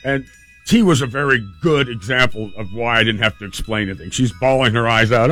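A man's voice: medium pitch, fairly quick, fairly bright tone. A man telling a personal story in an earnest, emotional, vivid way.

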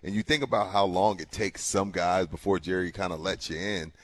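A man co-hosting a morning sports radio show, animated and argumentative, building into passionate rants. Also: sits low, brisk. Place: radio studio.

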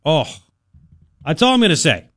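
Man, radio talk host, mocking, animated, slightly high voice, dry studio mic. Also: normal speed, no room sound. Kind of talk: opinionated talk radio monologue. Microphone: studio microphone.

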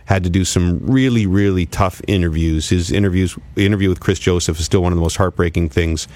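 Chatty low-voiced man co-hosting. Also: brisk, darkish tone. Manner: chatty, playful teasing. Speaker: podcast co-host. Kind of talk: casual sports chat.

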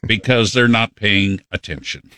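A man's voice: fairly low pitch, a little slow, bright, forceful tone, dry recording, studio quality. A man co-hosting a casual radio talk show, plainspoken and grumbling about everyday annoyances. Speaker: radio co-host.

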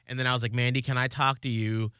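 Bright, clear-voiced male radio host. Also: mid-range voice, little pitch movement, quick pace, no echo, studio quality. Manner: earnest storytelling, acts out quoted lines. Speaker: radio morning show host. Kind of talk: casual on-air chat.

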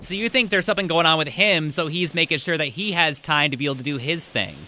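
A man's voice: on the high side, quick pace, pushed and bright, a little hiss or hum. A man hosting a call-in radio show, talking conversationally and prompting callers for their views. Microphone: studio microphone.

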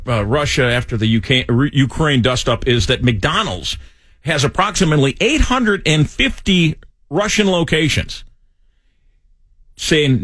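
A man's voice: on the high side, a bit bright, slightly rough, no room sound. A man hosting a casual radio talk show, rambling and laughing, with frequent stammered restarts. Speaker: fill-in radio host. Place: radio studio.

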